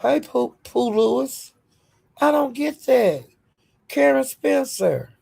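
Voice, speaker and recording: A woman's voice: high-pitched, sing-song, takes it slowly, creaky, warm tone, breathy edge. A woman hosting a casual livestream, greeting viewers by name and speaking bluntly and defiantly. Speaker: livestream host.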